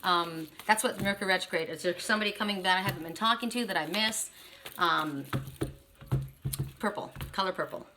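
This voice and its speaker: A woman's voice: lowish voice, brisk, background noise. A woman doing a casual spiritual card reading, chatty and emphatic, often checking in with "right?". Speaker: tarot card reader.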